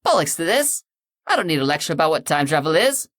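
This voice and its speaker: A man voicing a cocky younger man with a Cockney accent in an audiobook, loud and mocking. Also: fairly high pitch, big pitch swings, quick pace, no room sound, studio quality. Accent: London Cockney.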